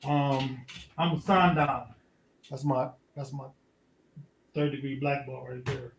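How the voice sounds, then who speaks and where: A man from Brooklyn, a podcast guest telling a profane street story in a lively, animated way. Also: medium pitch, slow, slight background noise. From Fort Greene, Brooklyn. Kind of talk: casual storytelling.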